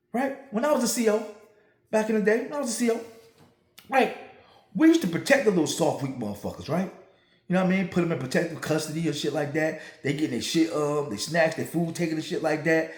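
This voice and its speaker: A podcast host, a man with a high voice, speaks bluntly and swears constantly. His pitch jumps around in animated, lively swings, and he keeps punctuating points with "right?". The recording has a noticeable echo from the room. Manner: profane, blunt, emphatic, keeps asking "right?". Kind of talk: casual monologue to listeners.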